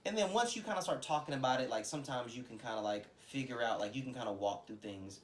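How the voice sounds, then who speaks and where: A man co-hosting a casual podcast, talking in slangy, animated style and acting out his friends' voices. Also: mid-range voice, fast, a little hiss or hum. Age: adult, has a son. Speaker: podcast co-host. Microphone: podcast microphone.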